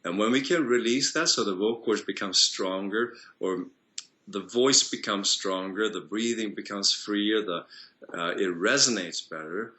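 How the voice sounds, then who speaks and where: A man working as a voice and singing coach, explaining things in an interview in a teacherly way, with pauses and restarts. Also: on the low side, sharp tone.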